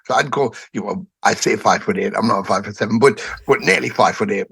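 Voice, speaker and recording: A man, a podcast guest telling stories in an animated, profane way. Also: on the low side, a little fast, vocal fry, husky. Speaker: guest musician. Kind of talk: casual podcast conversation.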